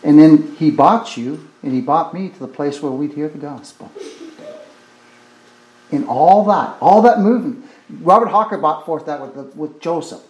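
A man's voice: a little high, normal speed, roomy sound. A man preaching a sermon with fervor, repeating phrases and exclaiming "oh my" as he goes.

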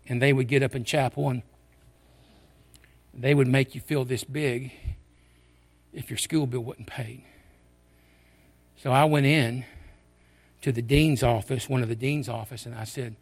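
A man's voice: mid-range voice, fairly even intonation, a little slow, pauses often. Older man, preacher, earnest personal story, conversational, frequent restarts, mid-range voice.

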